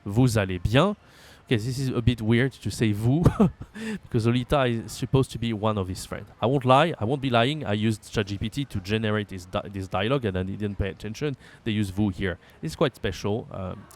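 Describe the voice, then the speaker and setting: A man's voice: fairly low pitch, brisk. A man with a French accent teaching French in an online lesson, repeating phrases aloud and explaining them with many fillers.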